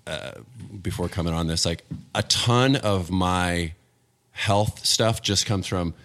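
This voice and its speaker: A man from Northern California guesting on a comedy podcast, making wry, self-mocking deadpan jokes. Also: low voice, takes it slowly. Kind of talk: casual comedic chat.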